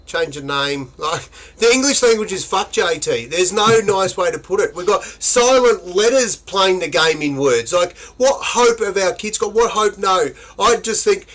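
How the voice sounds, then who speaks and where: An Australian man co-hosting a podcast in loose, blunt banter, swearing freely and punching out emphatic bursts. His voice sits a touch higher than most men's. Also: expressive, moderate pace, fairly bright tone. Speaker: podcast co-host. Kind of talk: casual banter.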